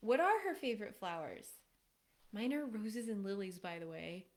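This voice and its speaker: Lively woman coaching on relationships. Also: mid-range voice, moderate pace. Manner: animated, laughs often, acts out quoted voices. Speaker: relationship coach hosting a live stream. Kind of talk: casual advice talk to a live audience.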